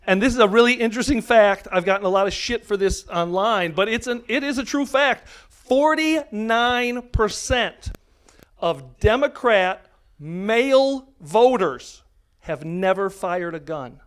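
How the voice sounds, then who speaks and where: A man's voice: high-pitched, animated, measured pace, smooth. A middle-aged American man doing a stand-up comedy set on stage, delivering crude punchlines in a brash way into a handheld mic. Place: comedy venue stage before a live audience. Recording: live set drowned by loud crowd laughter.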